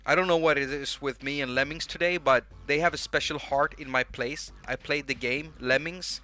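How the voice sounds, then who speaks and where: A man's voice: fairly high pitch, fairly even intonation, sharp tone. A man from Sweden with a Swedish accent, hosting a casual livestream chat, rambling and jumping from thought to thought, with faint music behind him. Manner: rambling, rapid-fire, jumps between thoughts. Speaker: livestream host. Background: faint music track.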